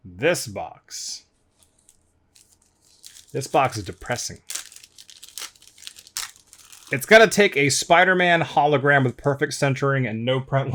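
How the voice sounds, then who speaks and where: Slow-talking man grumbling through a card break. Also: medium pitch, fairly bright tone. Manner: grumbling, wry, talks to viewers as folks. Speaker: card collector opening packs. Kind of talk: casual box-break commentary.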